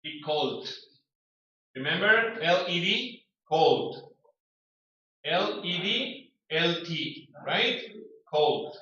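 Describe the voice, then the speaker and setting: A man teaching English, drilling pronunciation with brisk corrective commands in a classroom. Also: sits high, expressive, pushed and bright. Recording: echoey room, distant dull mic.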